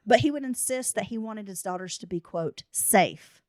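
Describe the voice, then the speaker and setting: A woman's voice: mid-range voice, lively intonation, normal speed, darkish tone, no echo, studio quality. A woman hosting a true crime podcast. She narrates the case details and breaks in with blunt, casual asides. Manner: reads case notes, then adds blunt asides. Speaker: podcast host.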